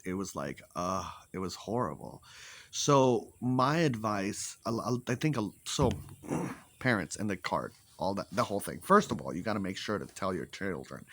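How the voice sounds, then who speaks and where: Blunt, lively low-voiced man ranting. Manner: blunt, animated, repeats points for emphasis; swears freely. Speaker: vlogger giving opinions. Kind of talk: casual opinion monologue.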